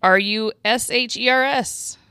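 A woman's voice: a little high, measured pace, bright, forceful tone, clear, resonant tone, no echo, clean studio sound. A woman hosting a casual group quiz, calling on each player in turn and reading out the clues. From Iowa. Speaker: quiz host.

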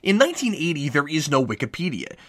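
Wry, lively male movie reviewer. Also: a little high, fast talker, no room sound. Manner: wry, sarcastic. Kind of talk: scripted review commentary.

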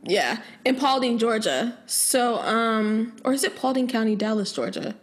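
A woman's voice: a little high, lively intonation, measured pace. A young American woman hosting a podcast, talking in a rambling, casual way and laughing often. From United States. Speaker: podcast host. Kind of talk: casual chat.

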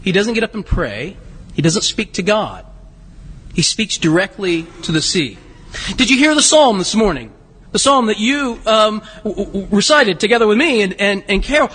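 Chatty preacher in a reverberant church. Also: male voice, sits high, big pitch swings, moderate pace, a bit bright, slightly rough. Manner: conversational, asks the congregation questions, frequent restarts. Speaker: pastor. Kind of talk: sermon.

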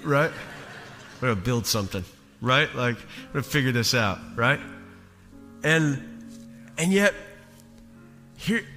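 A man in his thirties preaching a sermon as pastor, slow and emphatic, building to loud peaks. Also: medium pitch, sing-song. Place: church sanctuary. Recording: long reverb of a large hall. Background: soft instrumental music.

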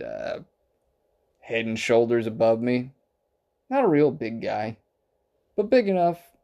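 Gravelly and mellow at a medium pitch, this man tells a loose, profane anecdote about a bar night. He wanders through the story and performs the quoted lines.

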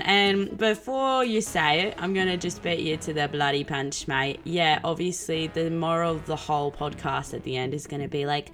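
A 22-year-old woman with an Australian accent hosting her own podcast, talking in a chaotic, excitable way, swearing freely and slipping into silly voices. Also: sits low, moderate pace, hardly any pauses, faint music behind. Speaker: podcast host and comedian. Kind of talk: casual chat.

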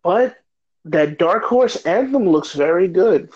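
A man's voice: high-pitched, animated, takes it slowly, a little mellow, husky, lo-fi sound. An American man hosting a casual gaming chat, joking and hyped though tired late at night. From United States. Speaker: podcast host.

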